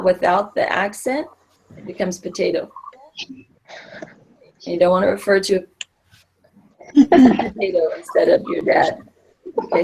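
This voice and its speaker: A woman's voice: fairly low pitch, a little hiss or hum. A middle-aged woman teaching a Spanish class, explaining patiently with many fillers and restarts.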